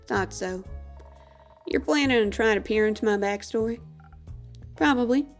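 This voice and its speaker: A woman voicing a gruff, grumpy female dwarf adventurer in a Southern US accent, with blunt, dry lines while playing a video game. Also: on the high side, measured pace, soft background music.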